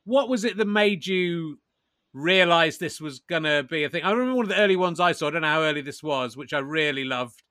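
A man hosting a podcast interview, chatty and eager, quickly agreeing with his guest. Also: a little high, animated, sharp tone, no echo, studio quality. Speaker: podcast host. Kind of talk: casual chat.

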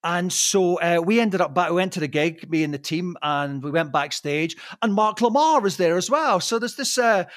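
A man telling anecdotes as a podcast guest, laughing often, swearing, and slipping into quick impressions. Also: high-pitched, animated, no room sound, studio quality.

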